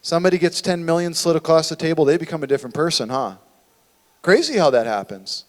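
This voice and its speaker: A man's voice: high voice, fairly quick, in a large hall. A man preaching a sermon as a church pastor, conversational and full of rhetorical questions. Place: church sanctuary.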